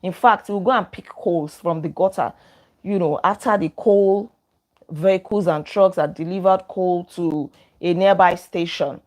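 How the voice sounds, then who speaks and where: A woman's voice: fairly low pitch, normal speed, a little mellow. Chatty woman retelling a story. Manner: chatty, retells stories in her own words with many asides. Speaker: book review host. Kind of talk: casual storytelling.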